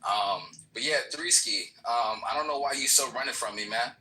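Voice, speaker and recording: Bright-voiced man, profane and taunting. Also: mid-range voice, moderate pace, low-quality recording. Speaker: voice chat participant. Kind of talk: heated online argument.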